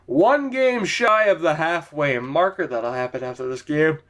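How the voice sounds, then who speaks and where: Brief: tired male gamer, higher voice, loose profane commentary. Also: measured pace, fairly bright tone. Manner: rambling, swears casually. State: sleepy, yawning. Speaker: gaming commentator. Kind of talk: casual let's-play commentary. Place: home gaming setup, in a chair.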